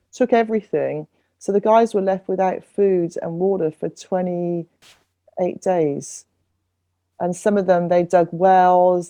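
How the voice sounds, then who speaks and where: A middle-aged woman with a warm, low voice appears as a podcast guest, a singer-songwriter and refugee advocate earnestly recounting her story with many restarts in a conversational interview.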